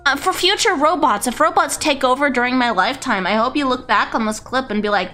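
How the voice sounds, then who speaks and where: Excitable, foul-mouthed woman streamer. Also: high-pitched, fairly quick, hardly any pauses, faint music behind. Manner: rambling, swears a lot, excitable. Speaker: VTuber streamer. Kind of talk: casual livestream chat.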